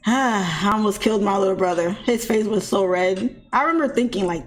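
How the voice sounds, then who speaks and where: Casual woman streamer, chatty storyteller, laughs a lot, middle-pitched voice. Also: moderate pace. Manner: animated, laughs often, mimics shrieking voices. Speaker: trading live-streamer. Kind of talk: casual storytelling to a live chat.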